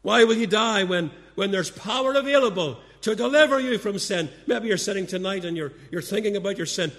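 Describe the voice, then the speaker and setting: A man's voice: expressive, brisk, few pauses. Pleading preacher man in a reverberant hall. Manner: pleading, repetitive rhetorical questions; swings between loud urgent appeals and hushed low warnings. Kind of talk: evangelistic sermon. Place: church service.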